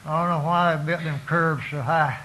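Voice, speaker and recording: A man's voice: on the high side, fairly even intonation, normal speed, background noise. A man tells his recovery story to an audience in a folksy, self-mocking way, full of restarts and "you know"s.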